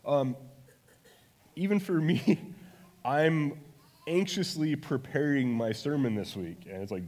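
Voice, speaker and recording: A man preaching a casual, chatty sermon as pastor, self-deprecating and now and then acting out prayers with sudden loud passion. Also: medium pitch, a little slow, long pauses. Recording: long hall reverb.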